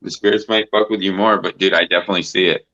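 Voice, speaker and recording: Deep-voiced man rambling on a stream. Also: steady tone, fast, pushed and bright. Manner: rambling, heavy swearing and filler words. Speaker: host. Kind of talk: casual livestream chat. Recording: dull lo-fi stream audio.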